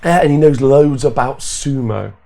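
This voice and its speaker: A man's voice: mid-range voice, moderate pace, vocal fry, mellow. A man hosting a gaming podcast stream, chatty and rambling, laughing often and hiccuping. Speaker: podcast host. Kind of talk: casual livestream chat.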